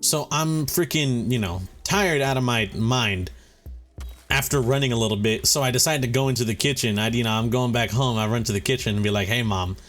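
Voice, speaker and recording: A man's voice: mid-range voice, brisk, fairly bright tone. A tired young man telling a rambling story while playing a game, acting out quotes in a casual chat. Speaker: gaming video host. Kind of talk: casual chat over gameplay. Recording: faint music behind.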